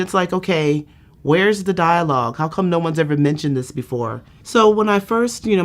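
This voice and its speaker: A woman patient telling her treatment story candidly, with lots of "you know" fillers. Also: very deep voice. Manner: self-described dramatic storyteller. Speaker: patient giving a testimonial. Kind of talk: candid testimonial interview.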